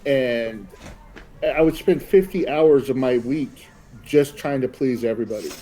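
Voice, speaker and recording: A man hosts a relaxed podcast chat in a mellow, warm-toned voice. He rambles easily and offers friendly advice with plenty of fillers. His pitch sits at an ordinary middle level. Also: measured pace, poor audio. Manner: easygoing, rambling, gives advice with many fillers. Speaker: podcast host.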